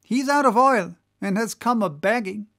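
Brash young sailor, blunt and scoffing, pitched high and loud over the narration, as the audiobook reader plays him. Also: normal speed, natural voice. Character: brash young male third mate.

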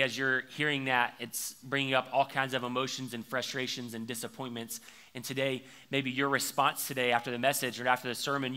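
A young man preaching a conversational sermon as pastor, shifting between quiet reflection and lively storytelling. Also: on the high side. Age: young adult.

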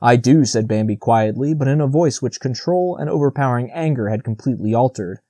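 A man narrating a classic children's novel in a steady, measured storytelling manner. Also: medium pitch, no echo. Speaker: audiobook narrator. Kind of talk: audiobook narration.

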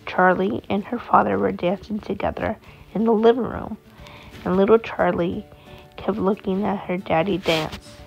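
A woman narrating a bedtime-style story in a gentle, unhurried way. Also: mid-range voice, steady tone, creaky, dull audio, faint music behind.

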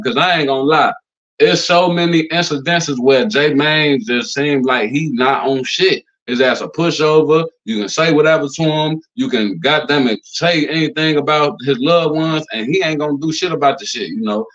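A man in the middle of a loose, profane commentary rant, leaning on fillers like "you know" and "like" as he goes. His voice sits in an ordinary male pitch, and the recording comes through a little dull and lo-fi. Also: normal speed, fairly bright tone. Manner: acts out quotes in a higher voice. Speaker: commentary channel host.

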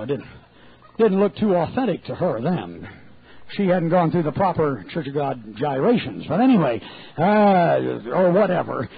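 A man preaching a sermon, telling a folksy, humorous story and acting out the voices of its people. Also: a little high. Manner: folksy, humorous anecdotes with animated quoted voices. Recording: tinny phone-like, dry, husky.

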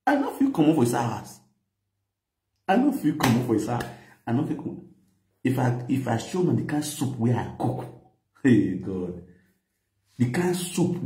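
With frequent laughter and quoted exchanges, a middle-aged vlogger tells a story to camera in Nigerian Pidgin English. His warm voice lies on the low side and carries reverb.

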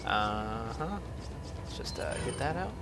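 A man giving goofy, self-mocking commentary while playing a video game, jumping to silly high yelps. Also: sing-song, slow, heavy background noise. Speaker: let's play gamer. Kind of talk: joking gameplay commentary.

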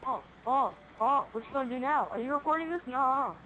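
A woman's voice: sits high, lively intonation, fairly quick, a little hiss or hum, low-quality recording. A woman playing a swearing, threatening police officer in an improvised game role-play. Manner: bossy, swearing, threatening, shouty.

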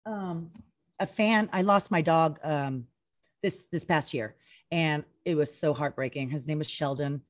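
A talkative woman guest in a casual interview, her voice sitting a little low for a woman. She tells stories with plenty of acted-out back-and-forth and leans constantly on "like" and "you know". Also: unhurried. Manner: chatty, animated storytelling full of acted-out quotes; heavy use of "like" and "you know". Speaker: retired pro wrestler guest.

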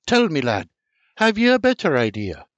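An older man reading an audiobook voices a firm, decisive old grandmother in a high, strained voice. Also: huge pitch swings, moderate pace, fairly bright tone, dry recording. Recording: dry, slightly muffled recording.

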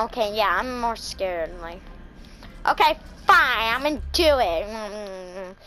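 High, lively woman gaming streamer. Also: slow, faint music behind, rough recording. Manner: excitable, jumpy, screams when startled; talks to herself and the game. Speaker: gaming channel host. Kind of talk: let's play commentary.

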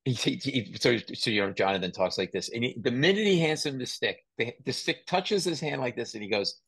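A man hosting a casual podcast chat, his voice pitched in the middle range. He tells stories with animated energy, laughing often. The sound is dry and close. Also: fairly quick, husky, no room sound. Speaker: podcast host.

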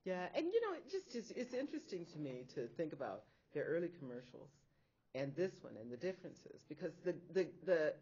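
A woman on a chat panel gives blunt, musing opinions in a husky voice that moves up and down a lot. The sound is dull and lo-fi. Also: lowish voice, big pitch swings, a little fast, dark tone. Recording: dull lo-fi audio.

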